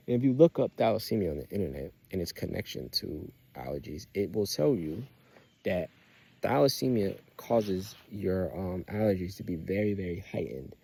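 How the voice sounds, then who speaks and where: A man's voice: sits low, expressive, normal speed, vocal fry, mellow, breathy edge. A young man rambling outdoors in a loose, profane, emphatic personal monologue full of restarts. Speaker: vlogger.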